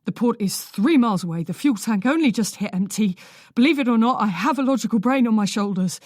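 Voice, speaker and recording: A woman reading a desperate, reckless man who pleads and insists, a little higher and louder than her narration. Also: animated, a little fast, dry recording, clean studio sound. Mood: insistent.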